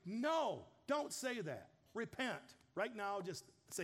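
A man's voice: extremely high pitch, sing-song, takes it slowly, hardly any pauses. A man in his fifties preaching a sermon, telling a story in an earnest, direct way. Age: 50s. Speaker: pastor.

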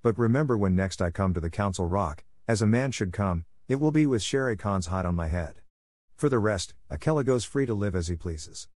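A man's voice: lowish voice, expressive, normal speed, a little mellow, no room sound. A man voicing a fierce, defiant boy raised by wolves in a storybook reading, commanding in manner.

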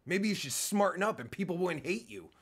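A heated host ranting over a clip, swearing at every turn. The voice swings widely up and down in pitch and has a husky, slightly breathy edge. The delivery is fierce, scornful and unfiltered. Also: animated, a little fast. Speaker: reaction video host. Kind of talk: angry profane commentary.

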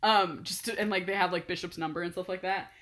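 A young woman chatting casually as a podcast co-host, excitable, swearing freely and laughing often. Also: on the low side, quick pace. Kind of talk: casual chat, storytelling.

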